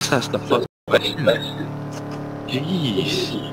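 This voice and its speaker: A man's voice: medium pitch, wildly swooping pitch, drawn-out words. A Scottish man chatting casually with friends while gaming, blunt and swearing freely. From Scotland. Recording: noisy background.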